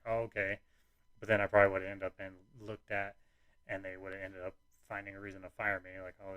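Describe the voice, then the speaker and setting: A young man with a somewhat low voice talks through his own story in a loose, rambling way, slipping into quoted lines of other people as he goes. The sound is close and dry, with no room around it. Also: a bit bright, no room sound. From United States. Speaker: podcast host telling his own story. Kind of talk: candid personal storytelling.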